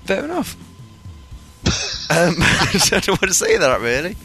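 A man's voice: high voice, wildly swooping pitch, measured pace, bright, forceful tone, faint music behind. A man from the UK co-hosting a podcast, giving dry, laid-back replies and reading out listener mail. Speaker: podcast co-host. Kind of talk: casual comedy chat.

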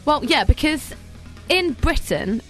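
A woman's voice: sits high, sing-song, slow pace, fairly bright tone, faint music behind. A woman co-hosting a crude comedy podcast, blunt and giggly. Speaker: podcast co-host.

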